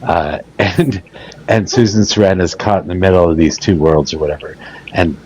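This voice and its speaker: A man's voice: sits low, normal speed, a little mellow, slight background noise, poor audio. A man hosting an online debate voice chat, teasing his guests and rambling through stories. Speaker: debate show host. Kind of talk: casual voice-chat banter.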